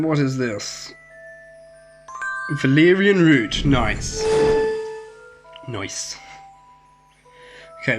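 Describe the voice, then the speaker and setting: Man, game commentary, slightly high voice, rambling, loud music behind. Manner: rambling, excitable outbursts, many ums. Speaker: mobile game vlogger. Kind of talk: casual gameplay commentary.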